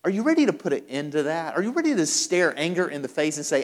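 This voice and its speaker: Higher-voiced male pastor preaching in a hall. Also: sing-song, fast talker, few pauses. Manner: emphatic preaching with repeated phrases. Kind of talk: sermon.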